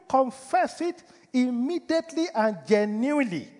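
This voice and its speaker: A man's voice: high-pitched, big pitch swings, a little slow, long reverb tail. A male pastor delivering a sermon, preaching emphatically and putting rhetorical questions to the congregation. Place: church.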